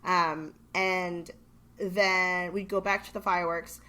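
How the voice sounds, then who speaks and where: A woman's voice: lowish voice, little pitch movement, slow pace, bright, forceful tone. A young woman co-hosting a podcast, chatting casually and telling stories with lots of fillers like "um" and "like". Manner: chatty storytelling with many fillers. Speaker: podcast co-host. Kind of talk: casual chat.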